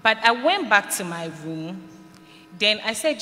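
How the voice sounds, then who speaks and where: A woman's voice: mid-range voice, sing-song, measured pace, bright, forceful tone. A woman from Ghana, giving an earnest personal testimony to students and acting out what people said. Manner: earnest storytelling, acts out quoted lines. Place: large hall at a school event. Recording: reverberant hall, faint noise.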